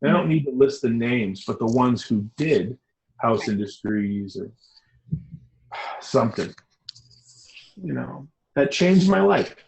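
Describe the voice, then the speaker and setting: A middle-aged man, a designer as interview guest, talking in an animated, rambling, emphatic way. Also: medium pitch, slow pace, vocal fry, long pauses, rough recording. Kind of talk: casual interview talk.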